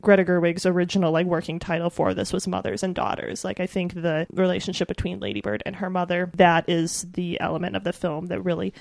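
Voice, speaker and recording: A woman's voice: lowish voice, level tone, fast talker, vocal fry, few pauses, a little mellow, no echo, clean studio sound. A woman talking in a casual film discussion, earnest and heartfelt. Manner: earnest, heartfelt, many "like" fillers. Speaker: podcast guest.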